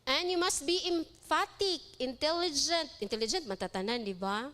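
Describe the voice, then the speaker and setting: A woman gives a spirited live seminar talk at a moderate pace, her high voice marked by a Cebuano Filipino accent. She alternates English with Cebuano and jokes with those attending.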